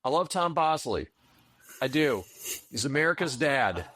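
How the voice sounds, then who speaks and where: A man's voice: mid-range voice, sing-song, measured pace, a bit bright, no echo. A man co-hosting a casual podcast, rambling through a story with sarcastic asides. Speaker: podcast co-host. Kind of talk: casual chat about old TV.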